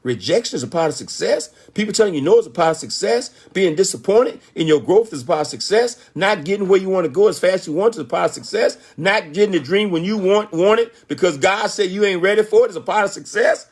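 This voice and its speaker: A man's voice: high voice, animated, fast talker, hardly any pauses. A man in his sixties giving a motivational speech, telling his story with emphatic rhetorical questions. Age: 60s. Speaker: motivational speaker.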